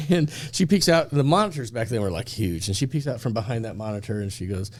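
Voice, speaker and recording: Male storyteller, talk-show regular; lively, acts out every line, warm mellow tone, dry studio. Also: mid-range voice, moderate pace, no echo. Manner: animated storyteller, acts out dialogue, laughs often.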